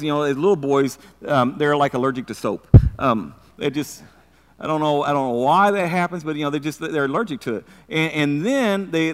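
A man's voice: fairly high pitch, a bit bright. A middle-aged man preaching a sermon earnestly, often restarting and stumbling over his words. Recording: long reverb of a large hall.

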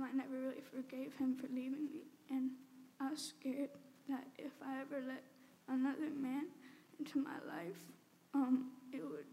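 High, gravelly-voiced teenage girl, halting. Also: a little mellow. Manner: halting and tearful, filled with "like" and "um". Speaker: speaker giving a personal testimony. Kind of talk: emotional personal testimony. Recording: long reverb, faint background noise.

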